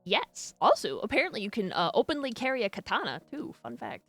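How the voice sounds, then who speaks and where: A woman's voice: on the high side, big pitch swings, fairly quick, creaky, fairly bright tone, soft background music. A woman streamer chatting casually, laughing often and swearing freely. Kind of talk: casual chat.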